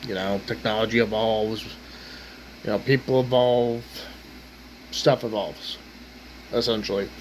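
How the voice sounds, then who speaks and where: A man's voice: fairly low pitch, steady tone, a little slow, pauses often, a little hiss or hum, rough recording. A man ranting angrily at his table at home, exasperated, swearing and repeating himself. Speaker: ranting vlogger. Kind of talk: angry rant to camera. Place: home kitchen table, indoors.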